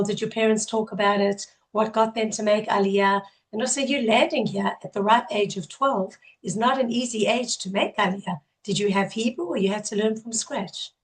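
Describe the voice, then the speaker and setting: A woman with a South African accent hosting an interview podcast, a little hoarse, upbeat and effusive as she introduces her guest. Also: medium pitch. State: partly lost voice, hoarse. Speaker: podcast host.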